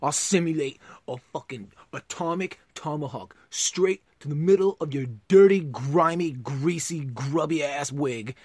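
A man doing an impression of a gruff older astronaut who makes loud, profane, boastful threats. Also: fairly high pitch, measured pace, hardly any pauses, no echo, studio quality. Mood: threatening.

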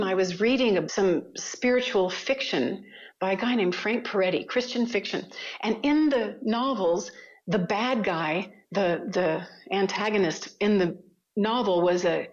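Animated woman guest telling a story. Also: medium pitch, highs cut off. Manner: animated, laughs often, retells quotes. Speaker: podcast guest. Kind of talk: conversational interview storytelling.

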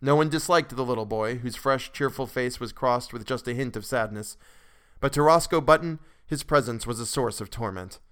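A man narrating a classic story for a podcast in a measured way, with occasional restarts. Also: medium pitch, a bit bright, smooth.

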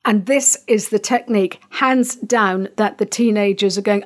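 A middle-aged woman, hosting a parenting podcast and talking gently through a calm breathing exercise, with many fillers and restarts. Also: medium pitch, unhurried. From Northern Ireland. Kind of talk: calm guided instruction.

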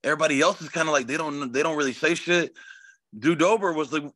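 A man's voice: on the high side, fast, a bit bright, dry recording. A man guest in a casual interview, talking in a brash, swaggering, profane way. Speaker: fighter guest.

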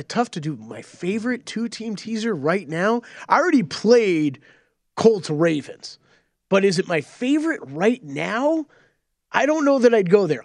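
A man's voice: high-pitched, dry recording, clean studio sound. A man co-hosting a sports betting podcast in an easygoing, casual way. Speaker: podcast co-host.

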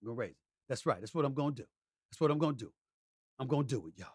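A middle-aged man hosting a sports talk show, talking emphatically and repeating himself, with sudden loud, excited outbursts. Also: medium pitch, fast talker, husky, no echo, clean studio sound. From New York City. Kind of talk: casual monologue.

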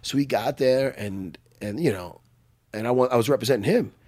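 A man, a jiu-jitsu instructor telling profane, animated stories as a podcast guest. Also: mid-range voice, a little fast. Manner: animated, profane, lively storytelling. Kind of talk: casual chat.

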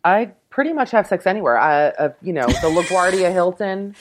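Lower-voiced woman with deadpan jokes. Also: fairly quick, low-quality recording. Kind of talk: casual podcast chat.

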